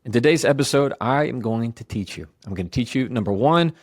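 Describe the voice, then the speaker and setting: A man's voice: medium pitch, brisk, no room sound, studio quality. A man hosting a podcast, giving advice in an emphatic coaching tone that rises and falls. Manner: emphatic, coaching tone with lively ups and downs. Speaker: podcast host. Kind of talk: conversational advice talk.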